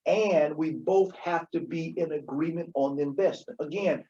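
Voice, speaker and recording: A man's voice: fairly high pitch, moderate pace, warm tone. A man co-hosting a podcast, giving emphatic financial advice in a conversational way and often checking in with "Okay?". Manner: emphatic, repeats key points, asks "Okay?". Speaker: podcast co-host. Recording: dull lo-fi recording.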